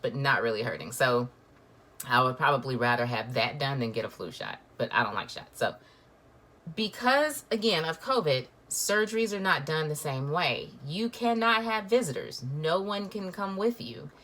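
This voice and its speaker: A woman's voice: low voice, animated, normal speed, a bit bright. A woman, telling a personal story in a chatty, emotional way full of fillers. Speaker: vlogger.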